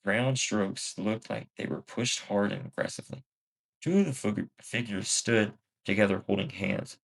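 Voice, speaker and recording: A man's voice: on the low side, normal speed, creaky, low-quality recording. A man reading a first-person story aloud, a plain reading with small slips. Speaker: story narrator.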